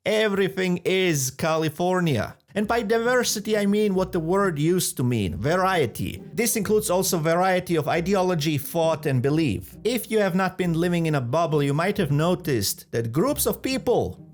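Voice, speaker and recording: A man's voice: sits high, lively intonation, normal speed, hardly any pauses. A man from Austria, delivering a scripted, sarcastic video essay critique as host. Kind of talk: scripted commentary.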